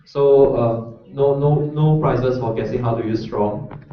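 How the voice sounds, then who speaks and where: A man's voice: mid-range voice, slow, a little hiss or hum. A man teaches a live coding workshop, talking in a loose, chatty way and often checking that his listeners follow. His voice rings through a very echoey room and sounds far from the mic. The recording is dull and lo-fi. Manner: casual, chatty, checks in with the audience. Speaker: workshop instructor. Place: lecture room. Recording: roomy echo, distant mic, dull lo-fi sound.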